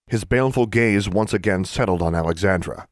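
Male audiobook narrator, lowish voice with a lively lilt, dry close recording. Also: brisk, no echo. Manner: expressive storytelling. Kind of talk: scripted narration.

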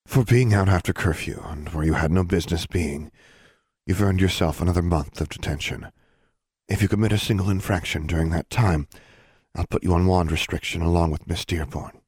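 A severe, cold-eyed woman dean handing down orders in clipped, commanding sentences, as a male narrator puts her on. Her voice sits low with a husky grain. The recording is close and dry. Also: brisk, darkish tone, no room sound. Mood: stern. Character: stern, cold female school dean.

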